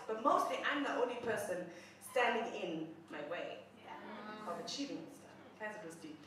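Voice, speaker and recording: A woman's voice: medium pitch, moderate pace, background noise. A young woman telling a comic personal story, self-mocking and laughing as she talks. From South Africa. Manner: animated, self-mocking, laughs while talking. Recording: very echoey room, mic far off.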